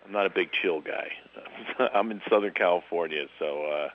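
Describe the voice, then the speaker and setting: A middle-aged man with a Philadelphia accent, a guest comedian telling stories in a casual phone interview, with animated, jumping delivery. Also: low voice, normal speed, no echo, phone-quality sound. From Philadelphia, USA. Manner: animated storyteller, lively voice jumps.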